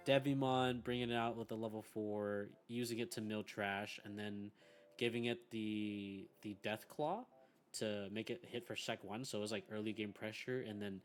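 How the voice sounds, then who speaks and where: A man's voice: fairly low pitch, fairly even intonation, moderate pace, soft background music. A young man chatting casually about card games, rambling, swearing freely and laughing often. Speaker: team member on a gaming podcast. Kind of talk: casual chat.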